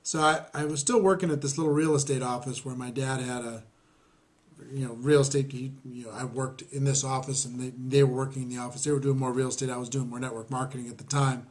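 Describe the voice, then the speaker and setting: A man teaching network marketing through a personal story, rambling and self-deprecating, with many fillers and restarts, clearing his throat often. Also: mid-range voice, steady tone, quick pace, darkish tone. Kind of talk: storytelling lesson.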